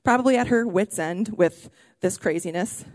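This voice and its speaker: A woman pastor preaching a sermon in a church, animated and excitable, often raising her voice. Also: medium pitch, normal speed, dry recording, studio quality. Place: church auditorium.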